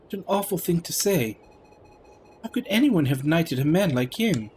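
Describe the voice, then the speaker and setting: A man's voice: on the high side, lively intonation, moderate pace, a little mellow, slight background noise, voice pushed up, lightly acted. A man voicing an earnest young heroine who answers back in an indignant, raised voice.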